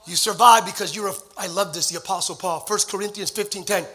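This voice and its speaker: A man in his forties preaches to his church with a high, piercing, very bright voice. He tells stories from the pulpit and rises into shouted, ringing climaxes. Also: fairly even intonation, fast talker, few pauses. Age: 40s. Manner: storytelling preacher who builds to shouted climaxes. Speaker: pastor. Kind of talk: sermon. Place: church sanctuary.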